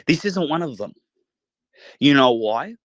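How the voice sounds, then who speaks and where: A man's voice: medium pitch, expressive, unhurried, dry recording. A man hosting a podcast late at night from a bedroom in a holiday house, giving a fervent, profane, rallying monologue to his listeners. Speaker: podcast host.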